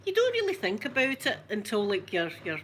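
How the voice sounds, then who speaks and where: A woman's voice: mid-range voice, wildly swooping pitch, a little fast, fairly bright tone, a little hiss or hum. An older Scottish woman talking casually to viewers on a livestream, rambling and correcting herself and laughing often. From Scotland. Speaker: livestream host. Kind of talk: casual live chat with viewers.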